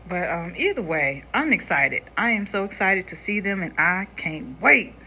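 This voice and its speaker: Young woman, makeup vlogger, bright forward tone, easygoing chatter with quieter focused moments. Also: on the low side, expressive, moderate pace, a little hiss or hum. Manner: chatty, talks to viewers while applying makeup, drops quieter when concentrating. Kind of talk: casual makeup tutorial chat.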